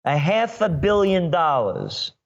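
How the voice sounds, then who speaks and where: A man's voice: fairly high pitch, sing-song, slow, gravelly. Emphatic sarcastic man on a dull line. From New York. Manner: emphatic and sarcastic, mocking voices. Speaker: guest forecaster. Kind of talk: opinionated podcast interview.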